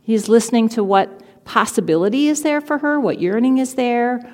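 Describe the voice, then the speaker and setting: A woman's voice: a little high, animated, normal speed. A woman preaching a sermon in a conversational way, retelling a scripture story. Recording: reverberant hall.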